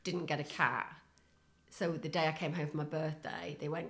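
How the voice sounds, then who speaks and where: A woman's voice: deep voice, flat delivery, fairly bright tone. A middle-aged woman co-hosting a podcast, telling stories in a chatty way and laughing often. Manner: chatty, storytelling, quick to laugh. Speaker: podcast co-host. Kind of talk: casual chat.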